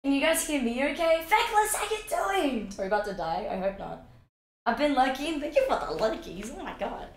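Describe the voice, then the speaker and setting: A woman live-streaming a game in a roomy, echoing space with faint music behind her. Her pitch is fairly high and swings widely as she swears, frets and sing-songs hellos to chat. Her voice sounds a little worn out. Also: brisk, slight background noise. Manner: animated, swearing, sing-song greetings to chat.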